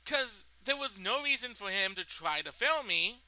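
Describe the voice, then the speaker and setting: A young adult man in a vlog indignantly retells a personal story, swearing freely. His high, sharp voice is very animated at a moderate pace, captured in a dry, low-quality recording.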